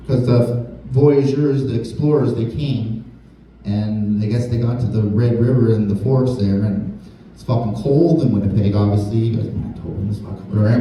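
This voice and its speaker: Recorded from a distance in an echoey large hall, this live show features a comedian from Canada with a medium-pitched, dark voice. He swears heavily through a crude, rambling stand-up routine as crowd noise and laughter fill the background.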